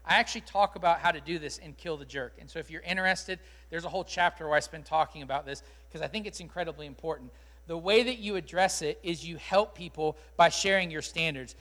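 Speaking fast in a somewhat bright, high-side voice, a pastor takes questions from a live congregation in a church auditorium. His replies are candid and conversational, full of ums and restarts, with the big hall's long reverb behind him.

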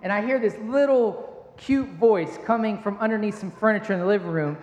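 A man's voice: sits high, brisk, a little mellow. A man in his thirties, a pastor giving a sermon in a conversational, self-deprecating storytelling way. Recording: echoey hall with long reverb.

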